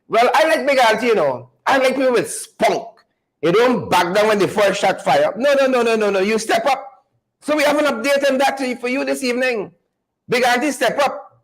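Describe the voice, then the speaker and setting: A man hosting mocking political commentary, loud and sarcastic with laughing asides. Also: very high-pitched, animated, normal speed, rough recording. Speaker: host.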